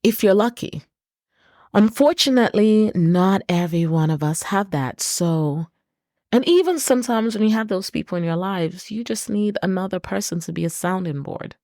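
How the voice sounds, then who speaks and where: A woman's voice: medium pitch, lively intonation, normal speed, mellow, dry recording, clean studio sound. A woman hosting her own podcast, speaking earnestly in a personal, reflective monologue and repeating words for emphasis. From Britain. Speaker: podcast host.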